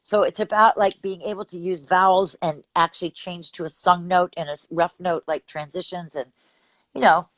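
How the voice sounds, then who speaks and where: A woman's voice: lowish voice, steady tone, normal speed, a bit bright. An older woman from Texas, a vocal coach, chatting animatedly in an interview and laughing often as she explains technique. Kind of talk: casual interview chat.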